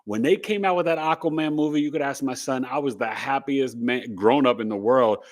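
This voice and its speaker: A man's voice: mid-range voice, a little fast. Chatty rambling male podcast host. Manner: rambling, upbeat, chatty with asides to viewers. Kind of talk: casual livestream chat.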